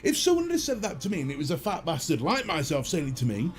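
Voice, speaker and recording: A man's voice: a little high, wildly swooping pitch, quick pace, soft background music. A middle-aged British man hosting a livestream, telling a story in a casual, profane, self-mocking way. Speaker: livestream host.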